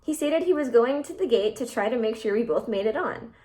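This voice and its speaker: Lively young woman reacting to posts. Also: on the high side, a little fast. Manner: reads posts aloud, then reacts with animated comments. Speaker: YouTube host reading posts. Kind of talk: casual reaction commentary.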